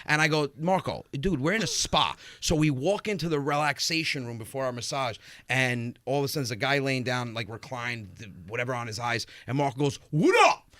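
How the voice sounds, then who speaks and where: A young man, a comedian guest, telling loud teasing stories and joking banter on a morning radio show. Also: medium pitch, a little fast. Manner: animated, teasing, voices people in his anecdotes.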